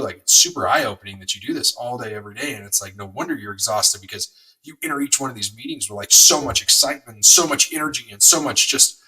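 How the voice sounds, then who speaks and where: Fast-talking energetic man, podcast host. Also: medium pitch, far from the mic, low-quality recording. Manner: energetic, rambling storytelling with many fillers. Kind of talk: motivational podcast monologue.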